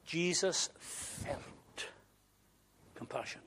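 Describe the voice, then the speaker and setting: A man preaching an emotional sermon who swings from raised emphasis to hushed whispers. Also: on the high side, extremely slow, slight background noise.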